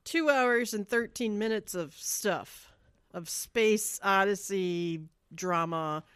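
A woman's voice: mid-range voice, takes it slowly, a bit bright, clean tone, no echo. A woman co-hosting a casual review podcast, giving blunt opinions with dry, shrugging asides. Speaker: podcast co-host. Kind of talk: casual chat.

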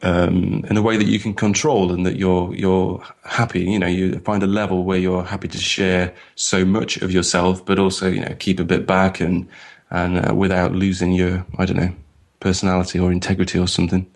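A man's voice: deep voice, completely flat delivery, normal speed, vocal fry. A man co-hosting a podcast in a casual, rambling, self-mocking way, with many fillers and restarts. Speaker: podcast co-host.

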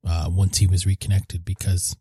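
A man chatting casually about a film, getting excited and jumping up in pitch when he quotes his own reactions. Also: normal speed, breathy edge, no room sound, studio quality. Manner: excitable, swings up when quoting himself. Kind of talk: casual chat.

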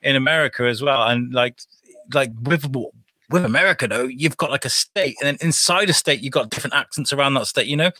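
A British man with a bright, forward voice talks eagerly in a podcast chat. The sound is dry and close, and he jokes often. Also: mid-range voice, fairly quick, dry recording. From United Kingdom. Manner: enthusiastic, jokey.

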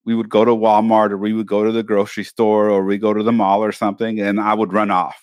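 A man co-hosting a podcast, chatting casually and telling lively stories about his family. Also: lowish voice, fast, clean tone, no echo, studio quality. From Mexican family background. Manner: animated storyteller, mimics his mother yelling. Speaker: podcast co-host. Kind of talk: casual chat.

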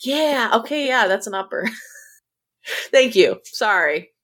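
Woman recapping in animated chat. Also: a little high, slow pace. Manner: animated retelling with quoted lines and laughs. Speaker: podcast co-host.

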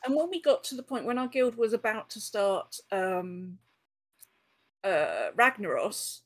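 A woman's voice: medium pitch, expressive, unhurried. A woman in casual chat, telling a long story with many fillers and restarts. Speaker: podcast guest.

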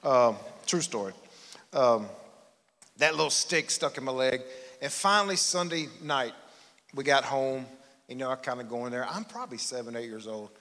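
A man's voice: medium pitch, moderate pace, pushed and bright. A man, preaching a sermon in a folksy, self-deprecating storytelling way. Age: 40s. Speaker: pastor. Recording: long hall reverb in church.

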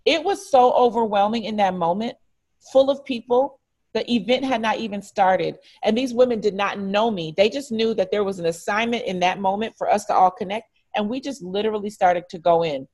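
A woman from Detroit telling a story as an interview guest, acting out the dialogue in lively voices. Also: medium pitch, brisk. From Detroit, United States. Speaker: franchise regional director, interview guest. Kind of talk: conversational storytelling.

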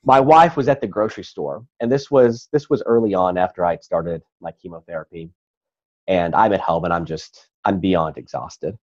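A man's voice: deep voice, normal speed, darkish tone, muffled recording. A man, a guest on a talk show, earnestly telling a personal story in conversation.

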